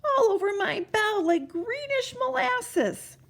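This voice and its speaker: A woman's voice: very high-pitched, expressive, slow, creaky, a bit bright, pitched above the performer's own voice, heavily acted. A woman voicing a nervous, fretful man who rings the bells, gasping in a storybook reading. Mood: bewildered. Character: fretful nervous male bell ringer.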